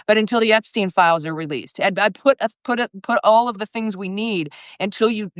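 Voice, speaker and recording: Fiery, profane woman with a smooth voice. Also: medium pitch, fairly quick, no room sound, studio quality. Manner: angry, profane, emphatic. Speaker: podcast guest. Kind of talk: heated political discussion.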